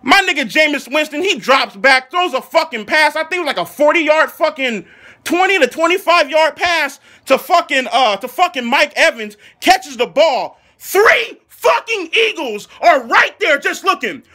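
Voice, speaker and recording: In a high, shrill voice, this Philly football fan rants with bright, forceful, expressive anger. It's a comedic sports tirade: he mocks and curses relentlessly, swears heavily, and keeps breaking into furious shouting.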